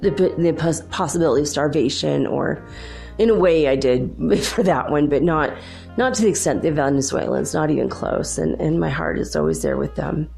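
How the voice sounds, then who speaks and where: A woman's voice: low-pitched, normal speed, gravelly, a little mellow, soft background music. A woman with children talking casually and at length, rambling with many fillers and restarts, laughing often as she tells personal stories. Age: adult with children. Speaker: host.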